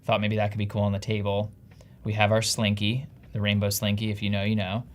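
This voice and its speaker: A man's voice: lowish voice, monotone, a little fast. A man with a New Jersey accent, co-hosting a casual live stream in an upbeat, chatty, self-deprecating way. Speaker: livestream co-host.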